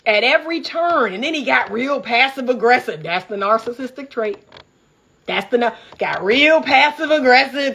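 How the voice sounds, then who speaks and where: Woman, high voice, bright tone, fired-up preachy commentary, laughing often. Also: animated, moderate pace, gravelly, breathy edge. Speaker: relationship coach. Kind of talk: casual commentary vlog. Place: upstairs room by a window at home.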